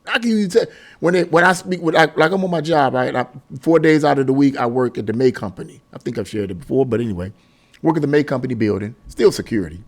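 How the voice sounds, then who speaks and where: A man's voice: medium pitch, fast. A man giving a casual opinion monologue to his viewers, exasperated and preachy, repeating himself and laughing between points. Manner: laughs mid-sentence. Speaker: political commentary vlogger.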